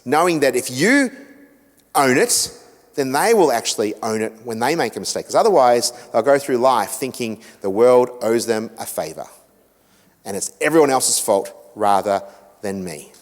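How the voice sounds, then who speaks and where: Lively Australian man in an echoey hall. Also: medium pitch. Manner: animated storyteller, acts out quotes, self-mocking humour. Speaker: guest speaker on family relationships. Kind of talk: seminar talk to a church group. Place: church hall. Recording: echoey hall with long reverb.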